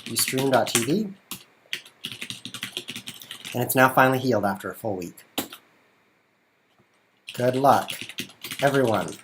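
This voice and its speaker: A man's voice: mid-range voice, normal speed, long pauses, background noise. Playful man streaming from his bedroom. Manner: playful and jokey, narrating while he juggles. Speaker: chess streamer and show host. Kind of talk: casual livestream chat. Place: bedroom at home.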